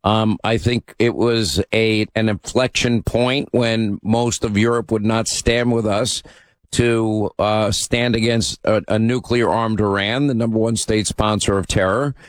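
A man's voice: on the low side, fairly even intonation, unhurried, no room sound. A man hosting a talk radio show, speaking emphatically and with opinion, often using fillers. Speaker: host.

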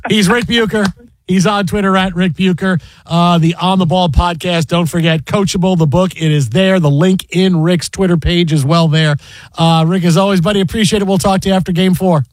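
A man hosting a sports radio show, joking and lively in casual chat. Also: high voice, fairly quick, no room sound.

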